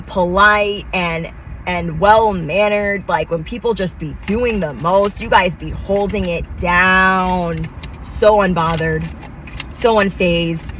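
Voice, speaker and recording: A woman's voice: medium pitch, fairly bright tone, a little hiss or hum, poor audio. A woman giving a channeled tarot reading, talking in emphatic, repetitive affirmations with casual slang. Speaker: tarot reader.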